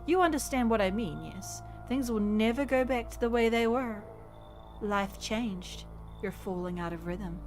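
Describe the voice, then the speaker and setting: A woman voicing a cryptic, ominous stranger who speaks in slow, solemn riddles. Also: on the high side, faint music behind.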